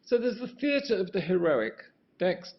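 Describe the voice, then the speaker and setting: A man's voice: sits high, sing-song, measured pace. Older man musing through a slide lecture. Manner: musing, rambling, repeated restarts, calls for the next slide. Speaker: architect giving a lecture. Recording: muffled lo-fi sound.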